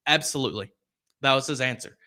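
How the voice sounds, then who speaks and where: A man's voice: mid-range voice, fast talker, pushed and bright. A young man hosting a sports podcast, chatting casually, rambling off on tangents and reading viewer comments aloud. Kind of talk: casual live-stream commentary.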